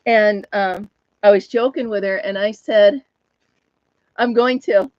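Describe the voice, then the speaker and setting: A woman's voice: mid-range voice, steady tone, takes it slowly, a little mellow, no echo, dull audio. A woman hosting a casual live chat from home, laughing often and talking to viewers and her dog. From United States. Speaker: host of a live chat stream.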